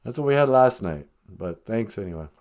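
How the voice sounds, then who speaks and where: A man's voice: on the low side, lively intonation, brisk, darkish tone, lightly acted. A man voicing a poor family man who answers politely and offhandedly.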